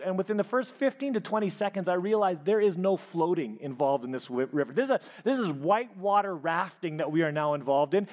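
A man preaching a sermon, telling a personal story with animated delivery and frequent restarts. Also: sits high, highs cut off. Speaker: pastor. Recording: hall reverb.

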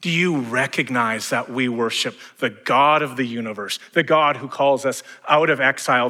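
A man preaching a sermon as pastor, building to fervent emphasis and dropping to hushed lines. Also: mid-range voice, normal speed, hardly any pauses, long reverb tail.

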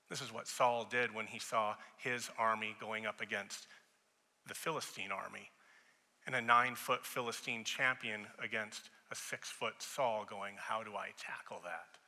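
A male pastor in his thirties preaches in a conversational way, lending voices to the people he quotes. His tone is very bright and forward. His words trail off into a long reverb, as from a church sanctuary. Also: mid-range voice. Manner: conversational preaching, acting out quoted voices and rising loud in stories. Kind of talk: sermon.

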